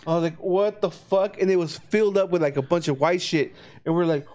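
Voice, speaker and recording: A man's voice: on the high side, fast talker, a little mellow. Profane storytelling podcast guy. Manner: profane storytelling, mimics friends. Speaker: podcast co-host. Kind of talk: casual chat.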